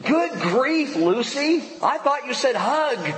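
A man voicing a startled, flustered cartoon boy in a high, exclaiming voice, in an echoey hall. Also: sing-song, slow pace, noisy background, full character voice. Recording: echoey hall with long reverb.

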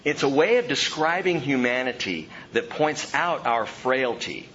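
A man preaching an expository sermon in an animated way, dropping to a hush and rising loud for emphasis. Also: mid-range voice, a little slow, lo-fi sound, a little hiss or hum.

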